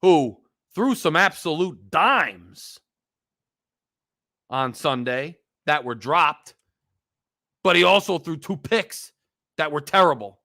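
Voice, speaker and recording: A man's voice: on the high side, lively intonation, slow, gravelly, pauses often, pushed and bright. A man hosting a sports fan show, ranting emphatically and wryly about his team's problems. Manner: emphatic, wry, repetitive ranting. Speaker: sports podcast host. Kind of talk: casual fan rant.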